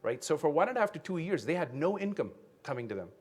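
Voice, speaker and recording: A man in his fifties from India giving a motivational keynote speech, telling his story earnestly and often checking in with the audience with a quick "right?". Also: on the high side, sing-song. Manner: earnest storytelling with frequent "right?" tag questions. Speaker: keynote speaker. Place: conference venue.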